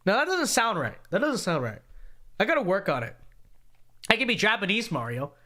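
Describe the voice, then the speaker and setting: A young man hosting a casual livestream, reading viewer donations aloud in an animated, joking way with frequent restarts. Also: high-pitched, brisk. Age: young adult. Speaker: show host.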